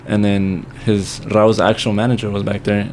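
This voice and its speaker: A man's voice: lowish voice, little pitch movement, moderate pace, a little mellow, slight background noise. A young man talking as a podcast guest, telling a story in casual chat, swearing freely and dropping Spanish phrases into his English.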